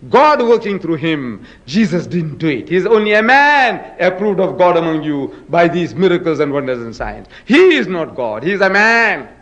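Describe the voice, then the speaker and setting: A man's voice: a little high, sing-song, normal speed, hardly any pauses, a bit bright. A man giving a public lecture, arguing emphatically and firing rhetorical questions at his audience. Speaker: public lecturer in religious debate. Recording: dull lo-fi lecture recording.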